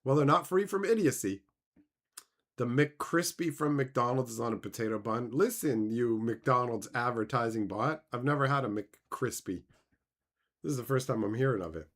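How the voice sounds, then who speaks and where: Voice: medium pitch, normal speed, fairly bright tone. A streamer reacting to chat in casual talk, sarcastic and mocking, swearing often and laughing between remarks. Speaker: streamer reading chat aloud.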